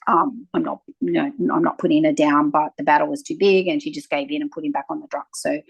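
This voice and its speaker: A woman's voice: deep voice, fast talker, gravelly, husky, dry recording, rough recording. A woman, a naturopath guest talking at length in an interview and acting out little exchanges as she tells stories. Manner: animated storyteller, acting out quoted exchanges. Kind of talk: conversational interview.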